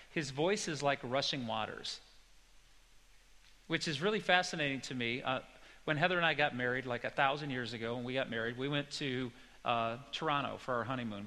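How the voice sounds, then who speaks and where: A man's voice: medium pitch, fairly quick, sharp tone. A man giving a conversational sermon to a group, chatty and full of personal stories and asides to the audience. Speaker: pastor teaching a Bible study. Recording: echoey hall reverb.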